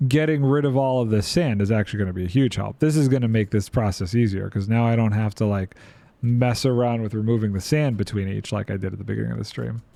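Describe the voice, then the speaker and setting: A man's voice: medium pitch, gravelly, mellow, no echo. A man streaming a building game, chatting playfully and thinking aloud while reading chat. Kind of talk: casual gameplay commentary.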